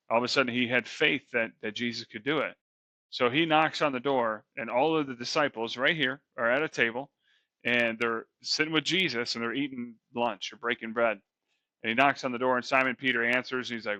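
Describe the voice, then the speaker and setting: A man's voice: medium pitch, fairly even intonation, brisk, bright, forceful tone, no room sound, lo-fi sound. A man co-hosting a podcast, casually retelling Bible stories in a slangy, chatty way with lots of fillers. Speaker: podcast co-host.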